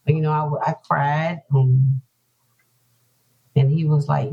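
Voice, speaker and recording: A woman speaks earnestly and from the heart, with a husky, mellow voice. She often repeats her points, the way people do when telling their own story. The audio is dull and lo-fi, like a home podcast recording. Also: low voice, steady tone, moderate pace. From North Carolina. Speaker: author guest. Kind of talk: emotional personal interview talk.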